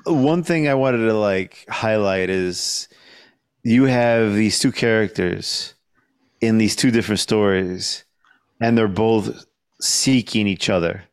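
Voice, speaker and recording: A man co-hosting a casual podcast, calmly reflecting on a film's story. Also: on the low side, slow, clean tone. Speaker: podcast co-host. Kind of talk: casual film review chat.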